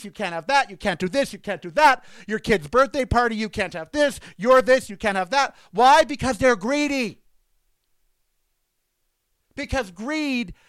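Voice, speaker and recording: A man's voice: very high voice, fairly bright tone, clear, resonant tone, dry recording. A man turning sixty, ranting indignantly and sarcastically in a monologue, repeating himself for emphasis. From United States. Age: 50s.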